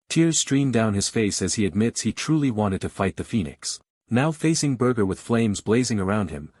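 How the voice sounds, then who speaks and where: A man with a fairly low voice narrates a fantasy comic recap in a steady, even storytelling delivery. The recording is close and dry, with no room sound. He keeps a scripted, measured read throughout. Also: husky, no room sound.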